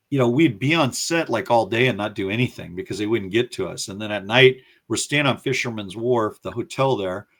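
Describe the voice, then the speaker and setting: A man with a low, gravelly voice tells a long story in a relaxed interview. He talks with energy and often slips into the voices of the people he is quoting. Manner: animated storyteller who acts out quoted voices. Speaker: guest recounting his career.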